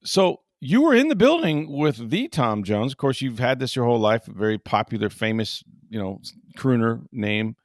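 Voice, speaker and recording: A man's voice: medium pitch, very animated, moderate pace, few pauses, dry recording, clean studio sound. A man hosting a podcast in casual chat, chummy and full of eager interjections. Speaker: podcast host.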